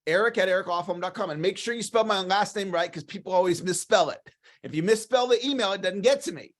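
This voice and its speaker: A man giving a motivational coaching talk on a livestream, enthusiastic and repetitive, often clearing his throat. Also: sits high, fast talker. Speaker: sales coach.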